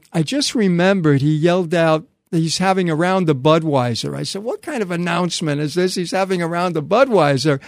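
Guy spinning an old story, voice on the higher side, quotes everyone's lines, no room echo. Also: studio quality. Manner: animated storyteller, quoting others in dialogue. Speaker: guest storyteller. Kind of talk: casual anecdote telling.

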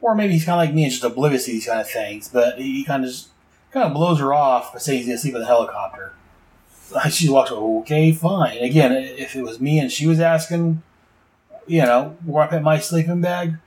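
A man's voice: medium pitch, fairly quick, a little mellow, poor audio. A man hosting a casual comic book podcast, recapping pages in a rambling way full of asides.

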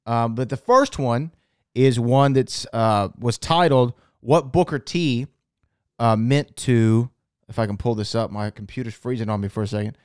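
A man's voice: mid-range voice, clean tone, no echo, clean studio sound. A man co-hosting a podcast in casual chat, setting up clips and asking questions. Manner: quick, sets up clips. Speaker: podcast co-host.

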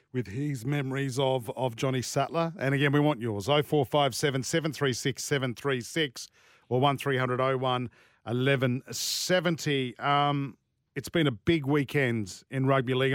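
Brisk sports radio host. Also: male voice, mid-range voice, fairly even intonation, dry recording, clean studio sound. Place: radio studio. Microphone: studio microphone.

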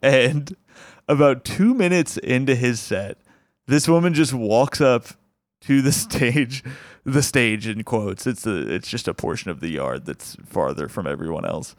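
A man's voice: medium pitch, measured pace, dry recording, clean studio sound. A young man, a comedian, casually telling a funny anecdote, laughing often as he talks. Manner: animated, laughs often while telling the story.

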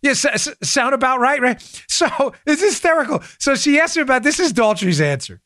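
A man hosting a political commentary podcast, chatty and animated as he reacts to clips. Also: extremely high pitch, fairly quick, dry recording, studio quality. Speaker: podcast host.

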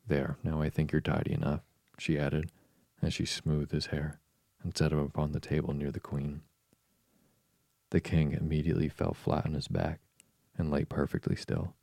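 A man narrating a storybook audiobook in a steady, measured reading. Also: very deep voice, creaky, no room sound.

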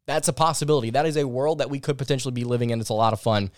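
A man's voice: mid-range voice, rapid-fire, no echo. A man hosting a sports podcast in casual, opinionated talk, close to the mic. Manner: chatty, opinionated and self-deprecating. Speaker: podcast host.

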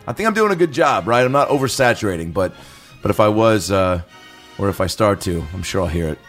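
Animated, profane male comedy podcaster. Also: on the low side, faint music behind. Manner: animated, profane, quick asides. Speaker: podcast co-host. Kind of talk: casual comedy podcast chat.

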